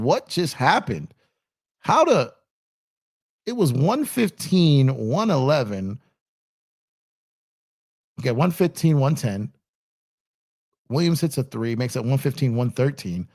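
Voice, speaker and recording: A man hosting a sports live stream, chatting casually and reacting out loud in excited bursts while greeting viewers by name. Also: medium pitch, a little slow, long pauses, no echo, clean studio sound. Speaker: sports channel host.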